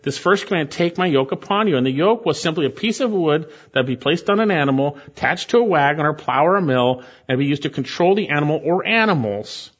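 A man preaching a sermon, earnest and emphatic, slowing down to stress phrases and pleading with listeners. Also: on the high side, animated, lo-fi sound.

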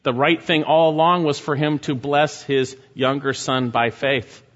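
A man's voice: medium pitch, fairly even intonation, measured pace, fairly bright tone, dull audio. A male pastor preaching a sermon, reading scripture and building to emphatic exhortations.

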